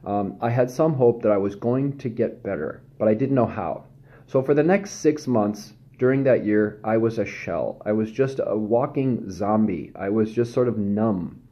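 A man giving a candid, self-deprecating personal testimony, speaking haltingly with frequent pauses and restarts. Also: on the low side, warm tone. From Southern California.

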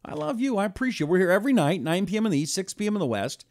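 A man's voice: sits high, rapid-fire, dry recording, clean studio sound. A man hosting a talk radio show, telling stories and acting out quotes. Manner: animated storytelling, acting out quotes.

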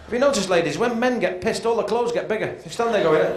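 A man's voice: high-pitched, fast. A man doing observational stand-up comedy on stage, chatting and putting questions to the audience. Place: stage before a live audience. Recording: roomy live-show audio with loud background noise.

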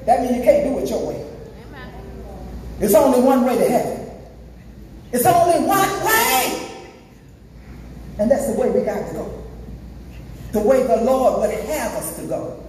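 A woman's voice: fairly high pitch, moderate pace, long pauses, dark tone, slight background noise. A woman evangelist preaching a sermon, emphatic, half-singing phrases and calling out to the congregation. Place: church sanctuary. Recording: echoey church hall from far off.

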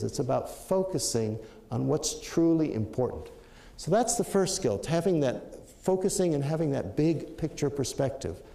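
An older man gives a storytelling lecture in a creaky, mellow, mid-range voice, recounting an anecdote reflectively with fillers and restarts. The room around him is echoey.

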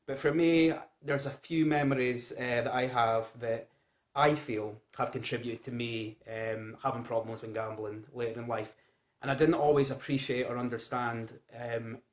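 A man's voice: mid-range voice, echoey room. A man talking casually straight to his viewers, chatty and informal, addressing them as guys and folks. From Scotland. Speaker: founder of a gambling recovery group. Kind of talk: casual direct-to-camera talk.

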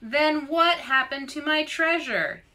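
A woman reads as a cautious young bear, patient but worn down. The tone is bright and slow. The reading voice stays close to her own. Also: high-pitched, a little hiss or hum, pitched above the performer's own voice, heavily acted. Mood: weary. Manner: weary, sighing.

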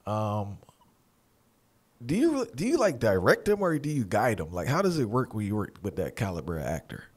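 A male interviewer with a very deep voice asks questions in a relaxed, casual way. He uses plenty of fillers and keeps the talk conversational. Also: normal speed, husky. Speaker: interview host.

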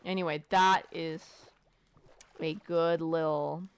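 A woman's voice: sits low, fairly even intonation, slow pace, a little hiss or hum. A woman casually commentating her gameplay, playful and foul-mouthed, chatting to the animals she meets. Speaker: let's play gamer.

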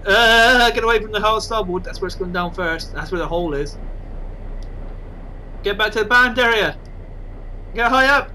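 A man casually commentating on his own game, excitable and self-mocking. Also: high-pitched, moderate pace, pauses often, a little hiss or hum, poor audio. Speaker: gaming channel host.

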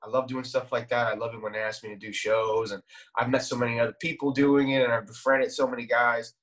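A man's voice: medium pitch, level tone, fast talker, fairly bright tone. Rambling, swearing man on a podcast. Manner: rambling, restarts a lot, swears freely. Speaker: podcast guest, comedian. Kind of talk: casual podcast chat.

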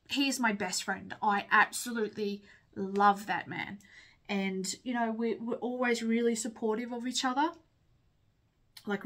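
A woman's voice: mid-range voice, a bit bright. Candid rambling woman, sniffly voice. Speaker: vlogger. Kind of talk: casual chat while doing makeup.

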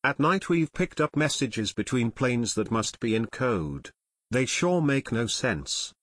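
A man's voice: medium pitch, very animated, measured pace, a bit bright, no room sound. A man reading the part of a middle-aged airport tower chief, with a shaky, frightened delivery, in an audiobook. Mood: puzzled.

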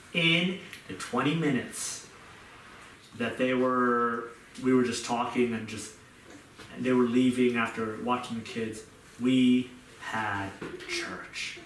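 A man's voice: medium pitch, a bit bright, slight background noise. Earnest preacher man in an echoey room. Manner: earnest, repetitive emphasis. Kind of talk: sermon. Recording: echoey room, mic far off.

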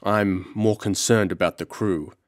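Guy reading a grim scientist at sea, low steady voice, dry and close. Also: measured pace, no room sound, lightly acted. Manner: grim, decisive. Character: cool-headed male scientist at sea.

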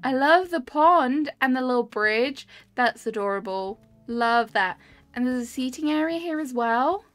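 A woman's voice: high-pitched, lively intonation, a little slow, a bit bright. A woman live-streaming a game tour, chatting cheerfully and greeting her chat by name. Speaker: streamer touring game islands. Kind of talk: casual live-stream commentary. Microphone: webcam with desk mic. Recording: dry close mic, game music behind.

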